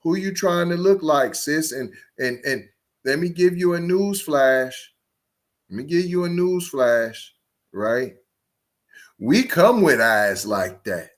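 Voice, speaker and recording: A man hosting a podcast, reacting to a clip in a confrontational way with rapid rhetorical questions. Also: on the high side, lively intonation. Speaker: podcast host. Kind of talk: reaction commentary.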